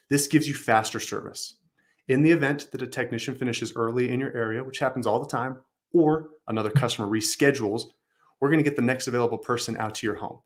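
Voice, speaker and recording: A man's voice: medium pitch, brisk, fairly bright tone. A man coaching customer service staff, upbeat, acting out sample phone phrases as he comments on recorded calls.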